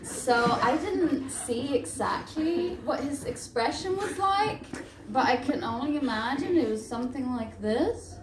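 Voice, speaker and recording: A woman from Latvia performing a stand-up set on a comedy bar stage, self-mocking and animated, with sudden loud bursts. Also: high-pitched, measured pace, noisy background. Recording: roomy live venue, faint crowd.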